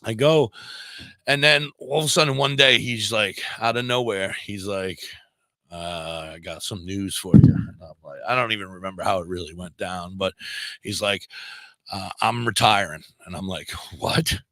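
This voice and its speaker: A lower-pitched man with a forceful, tense edge to his voice tells a story as a podcast guest. He slips into the voices of the people he quotes. The sound is dry and close, with no room echo. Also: normal speed. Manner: animated, acts out quoted dialogue. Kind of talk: casual storytelling. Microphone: podcast microphone.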